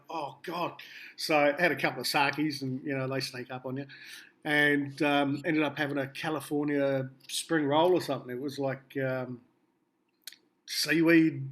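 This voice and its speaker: An Australian musician being interviewed tells rambling anecdotes with a laugh and many fillers. His voice is a little high and fairly bright, with little pitch movement and a normal speed.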